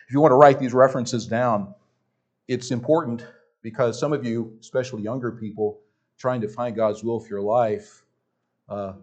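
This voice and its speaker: A pastor with a Southern US accent and a medium-pitched, slightly mellow voice preaches a sermon in church. He's emphatic, repeats his words, and stumbles on restarts.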